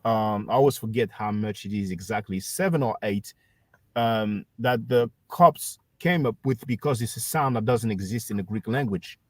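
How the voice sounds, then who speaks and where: A man hosting a livestream, calmly explaining history and addressing his listeners as brothers and sisters. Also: lowish voice, normal speed, dry recording, clean studio sound. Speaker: livestream host. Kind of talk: casual history discussion.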